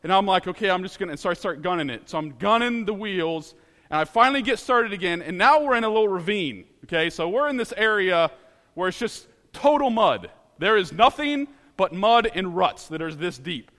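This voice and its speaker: A man from Ohio telling a personal story in an animated, dramatic way, laughing at himself as he goes. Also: high-pitched, normal speed, big-room sound.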